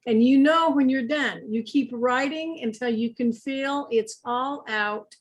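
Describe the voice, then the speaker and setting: A woman interviewer with a high-pitched voice puts questions to her guest. She speaks in a thoughtful, measured way. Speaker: interviewer host.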